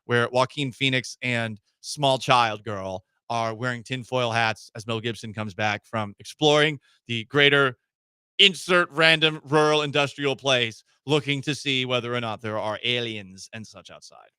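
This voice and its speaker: A man hosting a casual sports talk radio show, joking and animated, with sudden emphatic jumps. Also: mid-range voice, measured pace, clean tone, no room sound, studio quality. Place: radio studio.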